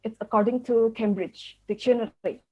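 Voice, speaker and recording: A woman's voice: on the high side, steady tone, moderate pace, a little mellow. A woman hosting an online club meeting over a video call, speaking hesitantly and often repeating words. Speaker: meeting host. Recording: dull video call audio.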